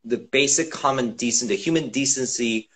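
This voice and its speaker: A man guest in a casual chat, talking earnestly and lively over a video call. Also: medium pitch, normal speed. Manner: earnest, lively, mimics others in quotes. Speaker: guest, actor.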